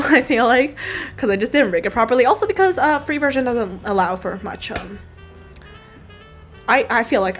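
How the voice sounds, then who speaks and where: A young woman with a somewhat high voice chats loosely while she draws, wandering off topic and swearing offhandedly. She sounds relaxed and unscripted, with quiet music running underneath. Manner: rambling, offhand, casually swearing. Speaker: digital artist streamer. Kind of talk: casual drawing commentary. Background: faint background music.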